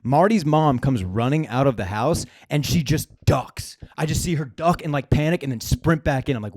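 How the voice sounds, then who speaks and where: A young man co-hosting a comedy podcast, telling an animated, profane story in casual chat. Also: mid-range voice, moderate pace, few pauses, dry recording, studio quality.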